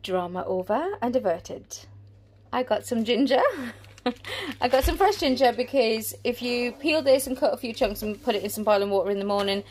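A woman's voice: fairly high pitch, moderate pace, background noise. A woman in her thirties chatting casually through a grocery haul at home, rambling and trailing off as she goes. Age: 30s. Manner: chatty, rambling, often trails off mid-sentence. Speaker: family vlogger. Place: family home, indoors.

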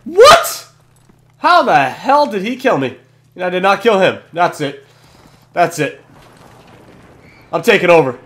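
A young man hosting a gaming channel, giving excitable commentary over his match, swearing and yelling at kills. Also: high-pitched, a little slow, pauses often. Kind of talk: gameplay commentary.

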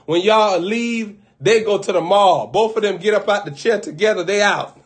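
A man preacher telling a comic, animated story, laughing often and acting out little scenes. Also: high voice, normal speed. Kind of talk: comedic storytelling riff.

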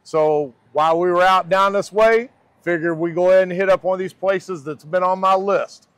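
A man's voice: high voice, steady tone, normal speed, a bit bright, low-quality recording. Folksy man reviewing sandwiches. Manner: folksy, chatty, playful slang. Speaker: food vlogger. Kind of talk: casual food review vlog. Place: sandwich shop, indoors.

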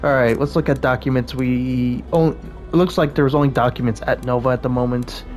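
Guy doing a let's play, chatty and sweary, mid-pitched voice, music low behind him. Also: fairly even intonation, brisk, darkish tone. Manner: swears casually, stumbles and restarts, reads character lines in shifting mock accents. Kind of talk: casual gameplay commentary, reading game dialogue aloud.

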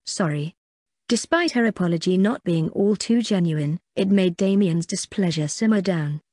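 A woman narrating an audiobook in a steady, even reading. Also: fairly low pitch, normal speed, no echo, studio quality. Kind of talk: scripted narration.

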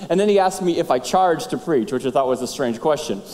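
Man, middle-aged, pastor, sermon storytelling, animated, high voice, long church reverb. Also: a little fast. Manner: animated storyteller, acts out dialogue. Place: church sanctuary.

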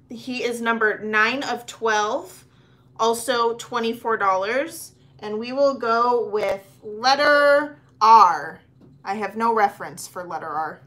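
A woman's voice: a little high, bright, forceful tone. A woman co-hosting a live online sale, talking casually and straight to viewers. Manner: friendly, talks straight to viewers. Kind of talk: casual live selling chat.

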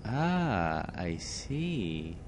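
Slow-talking man muttering over gameplay. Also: on the low side, very animated, background noise. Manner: muttering to himself, bursts of outrage. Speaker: gameplay commentator. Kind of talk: let's play commentary.

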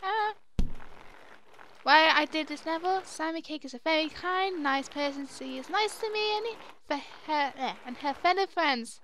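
A young woman hosting a let's play, reacting excitably to the game with squeals and laughter. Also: high-pitched, normal speed, a little hiss or hum. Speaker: gaming channel host. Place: home room at her dad's house.

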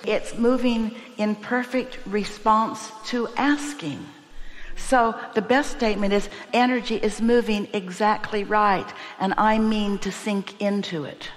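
A woman at mid pitch teaches spiritual ideas to a seminar crowd, speaking as "we" and circling back to her points with emphatic repetition. Her voice carries a long reverb tail from a large hall. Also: steady tone, measured pace. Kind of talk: spiritual teaching to a live audience.

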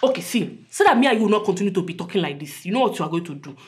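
A rustic young tailor with a Nigerian accent scolds a customer in broken English, played by a woman. She is blunt and comic, and her voice sits at a mid pitch. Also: expressive, racing, natural voice. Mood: teasing.

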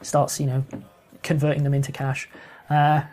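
A mild, pitying cashier behind a metal grill, as a man puts him on, speaking low and kindly. This is a casual tabletop game voice. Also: completely flat delivery, moderate pace, slight background noise, natural voice. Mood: consoling. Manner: gently consoling.

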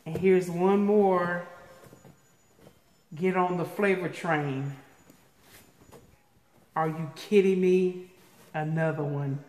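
A woman in a casual vlog, opening viewer mail. She gasps, repeats herself and gets excitable as she talks. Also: lowish voice, slow, long pauses. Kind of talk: casual unboxing chat. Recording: echoey room with faint noise.

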